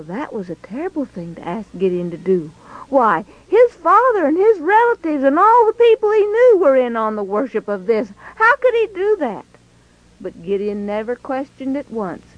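A woman telling a Bible story in an expressive, folksy way. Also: on the high side, low-quality recording.

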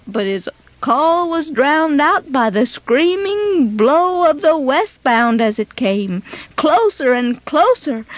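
A woman narrating a children's moral story in a dramatic, expressive way. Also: sits high, no room sound.

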